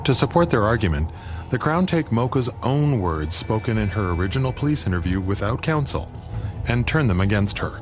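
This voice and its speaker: A man narrates in a measured, grave tone with a fairly low voice. Loud music sits under every line. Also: big pitch swings. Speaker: documentary narrator. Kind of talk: scripted narration.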